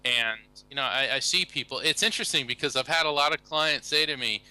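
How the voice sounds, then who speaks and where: An American man, a guest on a talk show, telling anecdotes in a casual, animated way and acting out the people he quotes. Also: mid-range voice, fast, hardly any pauses, clear, resonant tone, rough recording. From USA. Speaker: guest, psychic medium and lawyer. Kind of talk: casual storytelling interview.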